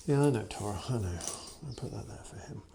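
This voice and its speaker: A man working as a dog trainer, speaking calmly and softly as he gently coaxes a wary dog, recorded on a camera mic indoors. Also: medium pitch, creaky, noisy background. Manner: calm, soft-spoken, gently coaxing the dog. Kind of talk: casual running commentary during a dog session. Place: indoors, in a room with the dogs.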